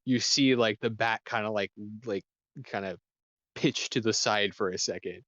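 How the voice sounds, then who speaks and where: Low-voiced man narrating a tabletop game. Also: fairly even intonation, normal speed, a bit bright, no room sound, dull audio. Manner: hesitant, lots of "kinda" and "uh". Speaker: game master.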